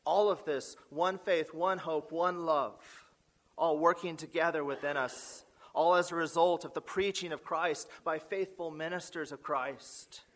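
A man preaching a sermon as pastor, measured and emphatic, building lists of repeated phrases and asking the congregation rhetorical questions. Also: fairly high pitch, fairly even intonation, fairly bright tone.

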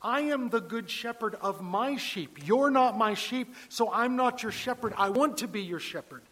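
A man's voice: very high voice, normal speed, a bit bright, pitched above the performer's own voice. A man voicing an emphatic male teacher who pleads earnestly with his listeners in a sermon paraphrase. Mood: insistent. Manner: insistent, emphatic.

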